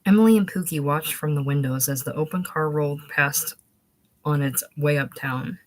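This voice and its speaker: A woman narrating a novel as an audiobook reader, in a measured, even storytelling manner. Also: deep voice, poor audio.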